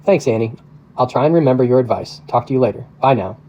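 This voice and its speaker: A man's voice: medium pitch, fast, warm tone, highs cut off, lightly acted. A man voicing a weary middle-aged man with dry, understated humor. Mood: wry. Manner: wry, understated.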